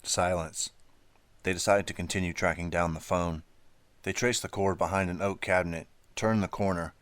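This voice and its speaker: A man narrating a teen thriller audiobook in a steady, measured way. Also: low voice, dry recording. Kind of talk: scripted narration.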